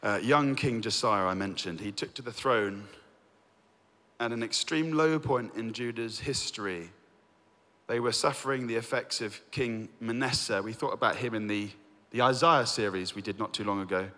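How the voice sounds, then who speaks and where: Guy teaching bible, bright forceful voice, long echo. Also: mid-range voice, normal speed. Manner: lively storyteller, reads scripture aloud. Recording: long reverb.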